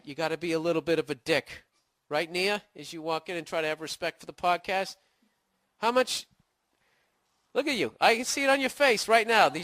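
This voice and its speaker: A man's voice: high-pitched, fairly bright tone, dry recording, clean studio sound. A middle-aged man with a Boston accent hosting a podcast, ranting in a profane, sarcastic comedic monologue. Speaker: podcast host.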